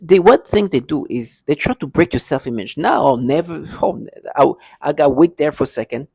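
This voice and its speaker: A man's voice: on the high side, expressive, normal speed, vocal fry, warm tone, husky, dry recording, poor audio. A man talking to his viewers in a casual monologue, insistent, often repeating words and restarting. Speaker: vlogger addressing his viewers. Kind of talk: casual spoken monologue to camera.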